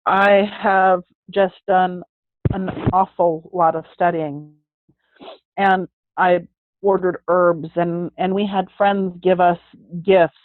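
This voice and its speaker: A woman's voice: on the low side, dry recording. Earnest middle-aged woman on a tinny line. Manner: earnest, heartfelt, with frequent restarts. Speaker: guest giving a personal testimony. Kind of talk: personal testimony. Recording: tinny phone-like sound, dry.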